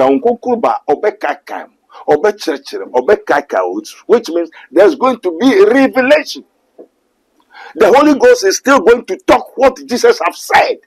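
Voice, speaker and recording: High, lively Ghanaian man preaching. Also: husky, poor audio. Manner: emphatic, quotes scripture, mixes English and Twi. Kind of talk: preaching in a call-and-response exchange.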